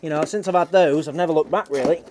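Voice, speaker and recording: A man's voice: fairly high pitch, fast talker, a little mellow, slight background noise. A man hosting a casual live stream, chatting in a rambling way and reading out viewer comments.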